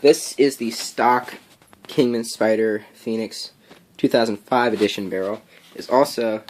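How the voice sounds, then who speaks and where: A man chats loosely through a show-and-tell of his gear in a slightly low voice. He rambles, stops often for "um" and "anyways", and keeps it easygoing. A faint hiss sits under the recording. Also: unhurried, darkish tone. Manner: rambling, many ums and anyways. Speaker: paintball vlogger.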